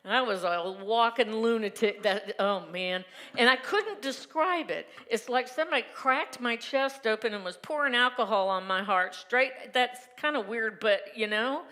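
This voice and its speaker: Pitched a little high, this woman's voice has a sharp tone and a measured pace. She is a reverend sharing her own life in a candid Sunday message, chatting with the congregation and laughing a lot, her words echoing through the sanctuary hall.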